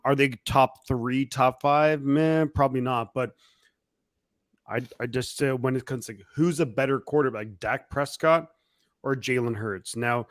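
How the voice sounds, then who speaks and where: A man with a middle-pitched voice asks questions in casual chat on a fan stream. He talks hesitantly and leans on fillers. His dry, close recording has no room echo.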